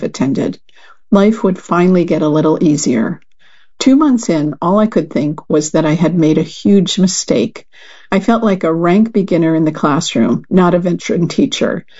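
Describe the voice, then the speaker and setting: Husky low-voiced woman reading aloud. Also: mellow, dull audio. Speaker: volunteer reader. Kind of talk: reading a magazine article aloud.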